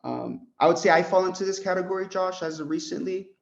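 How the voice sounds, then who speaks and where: A young American man training insurance agents, animated and full of "right?" as he role-plays his pitch. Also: quick pace, vocal fry. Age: young adult. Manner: animated, peppers talk with "right?" and "bro". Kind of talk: sales coaching talk with role-played pitch. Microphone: group call. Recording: dull lo-fi call audio.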